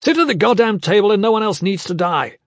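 A man voicing a commanding, ruthless male warlord who shouts his commands, raised in pitch, in a dry recording. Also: expressive, normal speed, dry recording. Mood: roaring.

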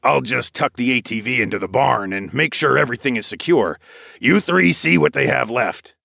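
A man's voice: mid-range voice, lively intonation, normal speed, creaky, sharp tone, slightly rough, dry recording, studio quality, pitched above the performer's own voice, heavily acted. A man narrating an audiobook voices a wry, joking male companion. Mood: practical.

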